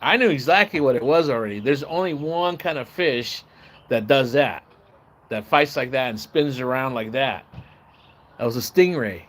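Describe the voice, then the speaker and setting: A man livestreaming, telling a long casual story in a rambling, profane way and acting out the shouts and voices of the people in it. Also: medium pitch, moderate pace. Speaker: live streamer. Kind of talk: casual storytelling on a live stream.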